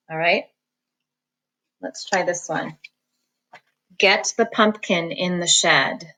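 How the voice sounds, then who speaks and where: A woman teacher giving an online phonics lesson, dictating sentences slowly and sounding out each syllable. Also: fairly low pitch, pushed and bright, poor audio. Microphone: recorded at a computer for students at home.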